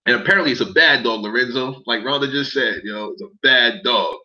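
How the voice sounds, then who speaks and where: A medium-pitched, sharp-toned man talks a little fast on a livestream, though the highs are cut off. Commenting heatedly to his chat, he repeats himself and curses as he gets wound up.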